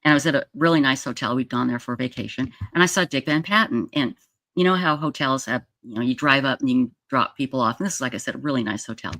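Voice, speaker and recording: A fast-talking woman in her sixties from Utah, with a bass voice that's a bit bright, hosts a livestream and rambles chattily through a long personal story, restarting often. Her streaming setup mic delivers a dry, clean studio sound.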